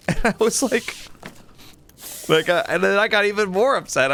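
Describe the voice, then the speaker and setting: Animated man rambling over a game. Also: high voice. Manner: rambling, animated storytelling with quick exclamations. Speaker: gaming YouTuber. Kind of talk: casual let's-play commentary.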